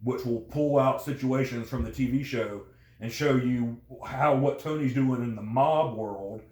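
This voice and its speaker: A man's voice: mid-range voice, unhurried, darkish tone. A man chatting casually as a guest, rambling with many fillers and restarts. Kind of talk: casual conversation. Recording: roomy echo.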